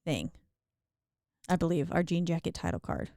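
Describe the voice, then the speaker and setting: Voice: mid-range voice, big pitch swings, normal speed, creaky, darkish tone, dry recording, studio quality. A podcast co-host casually chatting about a movie, quoting lines and laughing easily. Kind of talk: casual movie recap chat.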